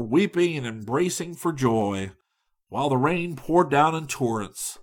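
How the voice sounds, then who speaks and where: A man reading a travel story aloud in measured audiobook narration. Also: mid-range voice, expressive.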